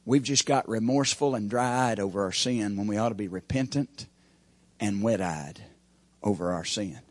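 A man preaching a sermon, asking the congregation questions and swinging between loud emphasis and quiet asides. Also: lowish voice, moderate pace. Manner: call-and-response preaching, rising and falling emphasis.

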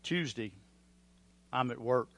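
Bright-voiced preacher, hushed then loud. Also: male voice, mid-range voice, takes it slowly. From Oklahoma. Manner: swings from hushed pleading to loud storytelling. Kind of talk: sermon with altar call and personal story.

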